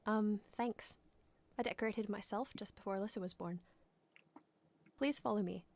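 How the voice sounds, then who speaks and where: A woman's voice: medium pitch, moderate pace, a little mellow, natural voice. An actress playing a polite young mother who is a little wary of her visitors.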